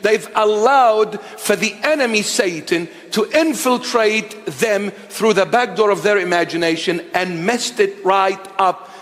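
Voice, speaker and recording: A man in his fifties preaching a sermon in a high voice, slow and emphatic, returning to his key lines again and again. His words ring out in a long hall echo. Faint music sits beneath him. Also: fairly bright tone.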